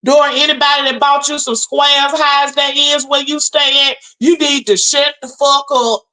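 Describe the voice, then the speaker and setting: A woman's voice: high-pitched, little pitch movement, normal speed, bright, forceful tone, rough recording. A woman hosting a livestream and telling her chat a story in a heated, profane rant, a little tipsy from drinking. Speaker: livestream host.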